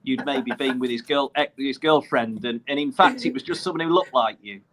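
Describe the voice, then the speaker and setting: A man's voice: mid-range voice, a little fast, fairly bright tone, slight background noise. Rambling male storyteller on a remote call. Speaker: guest. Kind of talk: casual podcast chat.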